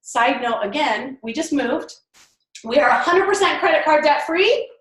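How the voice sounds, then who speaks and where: A woman's voice: sits high, lively intonation, moderate pace, a bit bright, echoey room, poor audio. A woman giving a team mindset training talk, enthusiastic and chatty, laughing often.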